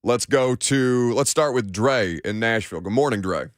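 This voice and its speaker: A man's voice: mid-range voice, normal speed, no room sound, clean studio sound. A man hosting a sports talk radio show, joking with his crew and giving blunt, opinionated takes. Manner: bantering, then blunt opinionated analysis. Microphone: studio microphone.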